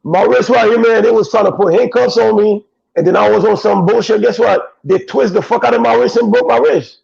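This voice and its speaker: A man's voice: high voice, a little fast, gravelly, darkish tone, husky. A male guest in casual chat, telling stories in blunt, profane street talk. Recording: dull, dry lo-fi sound.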